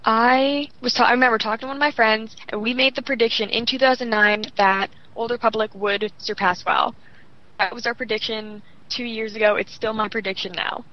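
Young adult woman, casual guest, fast rambling delivery full of fillers. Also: fairly high pitch, fairly even intonation, lo-fi sound. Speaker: guest gamer. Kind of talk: casual chat.

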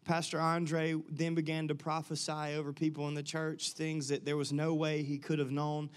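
Upbeat pastor with a raised voice. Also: male voice, fairly high pitch, completely flat delivery, moderate pace. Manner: casual, rambling, self-deprecating. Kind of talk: church announcements and guest introduction. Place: church sanctuary.

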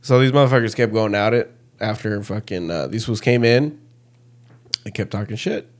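A man's voice: on the low side, moderate pace. A man in casual chat, retelling a heated confrontation with heavy swearing. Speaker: storyteller.

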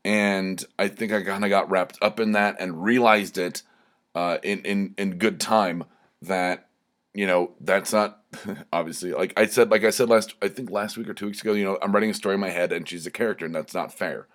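Young man, podcast host, lowish voice, rambling monologue, self-deprecating, digressive. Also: steady tone, normal speed, a bit bright.

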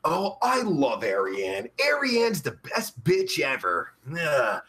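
A man's voice: huge pitch swings, takes it slowly, fairly bright tone, exaggerated voice. A man playing a crude sleazy pimp with a sore throat. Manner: vulgar, rambling, swings pitch up and down. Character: crude sleazy adult male pimp, rude and boastful. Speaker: live-stream comedy host in character. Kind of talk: improvised live-chat comedy rant.

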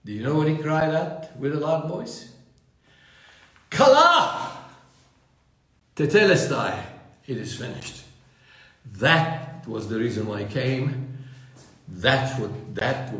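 Fervent preacher with a booming echo. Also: male voice, a little slow. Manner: fervent, restless preaching with many repeated words and restarts. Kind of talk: sermon. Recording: very echoey room.

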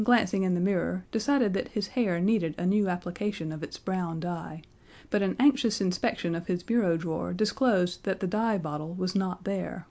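A woman with a fairly low-pitched voice narrates an audiobook, telling the story in a measured, expressive way.

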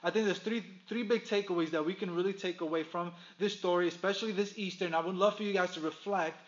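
High-voiced preaching man. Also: steady tone, highs cut off. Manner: emphatic, drawn-out pauses, addresses congregation as guys. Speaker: pastor. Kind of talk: sermon.

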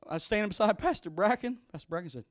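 A man's voice: sits high, expressive, rapid-fire, dry recording, clean studio sound. A middle-aged male pastor telling a story in a sermon and pressing his point with emphatic, repeated exhortations.

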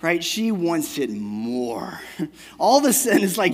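A man's voice: on the high side, big pitch swings, measured pace. A man in his thirties preaching a sermon in a casual, conversational way, often checking in with "right?" and telling a family story. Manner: conversational, keeps asking "right?". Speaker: pastor. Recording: long hall reverb.

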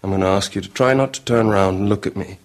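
An actor playing a calm, measured male psychiatrist who speaks softly and deliberately in a film trailer. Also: fairly low pitch, natural voice. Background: film trailer clip.

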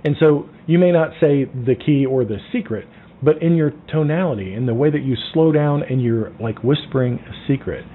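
Energetic man coaching over a tinny line. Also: moderate pace, husky. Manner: animated, acts out phone calls, drops to a low voice. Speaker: sales trainer. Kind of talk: sales coaching talk. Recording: tinny phone-like sound.

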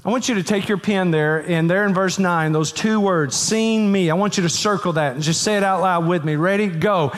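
A man's voice: high-pitched, brisk, hardly any pauses. A man, a pastor, preaching an emphatic sermon and leading the congregation to read verses aloud with him. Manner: emphatic, repeats phrases, leads the congregation to read along. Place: church sanctuary. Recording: long reverb of a large hall.

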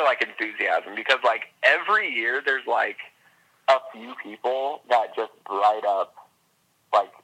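A man's voice: medium pitch, bright, forceful tone, low-quality recording. A man talking as a guest on a podcast, chatty and upbeat, filling his sentences with "like" and "you know". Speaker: podcast guest, endurance runner. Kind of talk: casual interview chat.

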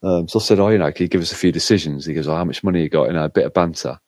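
A middle-aged man telling a lively story in casual chat, acting out what others said. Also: deep voice, very fast, dry recording. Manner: animated storyteller, acts out quotes. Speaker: co-host.

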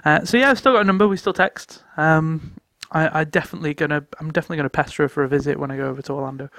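A man chats on a podcast, acting out quoted voices and breaking into laughs as his stories build. His voice is gravelly and sits a little high. The sound is close and dry, with no room around it. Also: very fast, no echo. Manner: animated, laughs often, acts out quoted voices. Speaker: returning podcast guest. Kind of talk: casual storytelling chat.

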